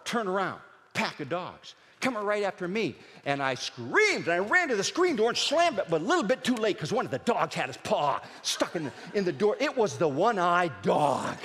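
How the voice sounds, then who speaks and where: A middle-aged man from Pennsylvania telling comic stories on stage, jumping up high and loud when he acts out his dad. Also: moderate pace, few pauses, in a large hall. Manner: animated, shouts his dad's lines in a high voice. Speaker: stand-up comedian. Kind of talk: storytelling stand-up comedy.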